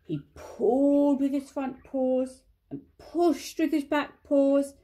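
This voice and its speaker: An older woman reading a children's storybook aloud in a slow, careful manner. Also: sits high, level tone, warm tone.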